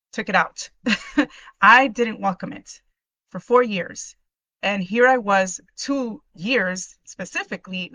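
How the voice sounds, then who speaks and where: A middle-aged woman speaks earnestly and emotionally, often restarting her sentences as she shares her personal testimony in a live online workshop. Her voice is bright, and the recording is dry and close, picked up by a computer mic at home. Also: mid-range voice, dry recording. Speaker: podcast host sharing her testimony.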